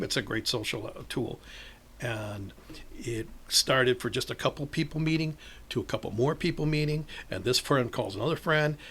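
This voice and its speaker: An older chess club organizer from northern Illinois, USA, tells stories in a casual interview, acting out the voices of the people in them and laughing often. His voice is mid-range and husky, and his storytelling is animated.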